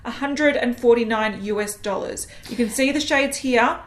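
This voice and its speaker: A frank, chatty woman talks through makeup releases in a casual co-hosted chat. Her voice sits a little high. The room leaves a noticeable echo around her. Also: normal speed. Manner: chatty, frank, lots of ums. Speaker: beauty co-host. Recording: roomy echo.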